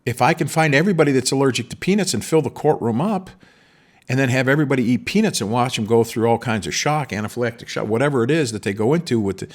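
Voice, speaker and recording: A man's voice: mid-range voice, animated, quick pace. A middle-aged man hosting a podcast, talking in a rambling monologue with many restarts. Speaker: podcast host. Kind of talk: casual monologue.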